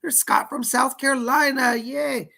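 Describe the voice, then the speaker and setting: A man's voice: extremely high pitch, fairly even intonation, a little slow, gravelly, pushed and bright. A man hosting a casual psychic livestream, chatty and fussy, greeting viewers and scolding a pet companion.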